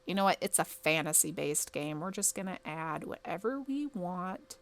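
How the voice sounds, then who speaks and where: A woman playing a game and talking it through casually, muttering to herself and breaking into quick exclamations. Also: lowish voice, animated. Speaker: game streamer. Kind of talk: casual commentary while playing.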